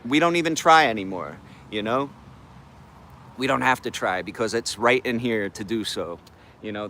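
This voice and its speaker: A man's voice: medium pitch, a bit bright. Laid-back man hosting a morning stream. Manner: laid-back slang, greets chat viewers by name. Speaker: livestream host. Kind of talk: casual live affirmation stream.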